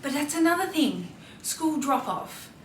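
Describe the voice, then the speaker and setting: With a high, sing-song voice and a slightly slow pace, a thirtysomething Australian mom and fashion vlogger shares heartfelt, chatty confessions sprinkled with fillers. There's slight background noise, roomy echo and faint ambience from a distant mic.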